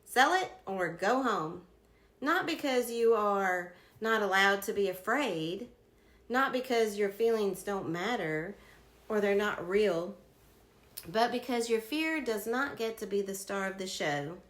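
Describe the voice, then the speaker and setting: A woman's voice: medium pitch, expressive, unhurried, fairly bright tone. A woman in her fifties tells a personal story in a reflective, emphatic way, drawing a life lesson from her past. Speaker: speaker sharing life lessons. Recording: roomy echo.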